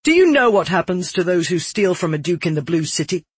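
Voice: mid-range voice, very animated, brisk, breathy edge, dry recording. A narrator voicing a cruel young male noble who sneers and spits out threats in an audiobook. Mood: taunting. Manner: threatening, spitting out taunts. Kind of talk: audiobook character voice.

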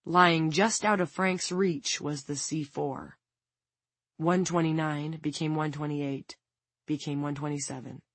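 Low-voiced woman narrating a thriller. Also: steady tone, slightly rough, dry recording. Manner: measured dramatic reading. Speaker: audiobook narrator. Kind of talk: scripted audiobook narration.

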